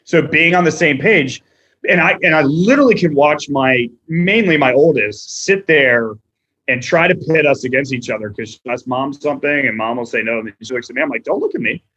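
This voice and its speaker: A man in his thirties chatting casually as a podcast guest, telling animated stories and quoting people in voices. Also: mid-range voice, a little fast, dull audio. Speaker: podcast guest, restaurant owner.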